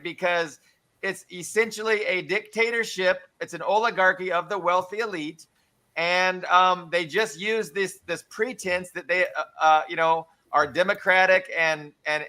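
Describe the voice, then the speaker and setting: A man's voice: sits high, bright, forceful tone. A man on a podcast, ranting earnestly about politics with lots of fillers. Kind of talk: casual political rant.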